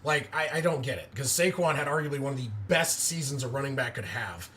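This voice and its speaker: A man doing amateur live play-by-play of a football game, excitable and breaking into loud cheers, chatting with viewers between plays. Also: medium pitch, a little fast, a little hiss or hum.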